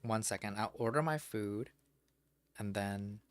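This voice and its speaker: A man's voice: lowish voice, measured pace, dry recording. A man streaming from home who chats casually, rambles to himself, and swears freely. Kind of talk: casual live-stream chat.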